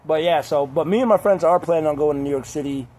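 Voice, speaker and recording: A young man talking casually to camera in a crude, rambling way, laughing often and mimicking others in high voices. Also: quick pace, warm tone. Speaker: vlogger.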